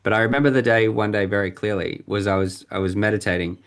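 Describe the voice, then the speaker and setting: Guy on a podcast telling his own story, lowish voice, thoughtful, kinda searching for words. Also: steady tone, quick pace. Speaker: podcast guest. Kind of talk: candid personal storytelling.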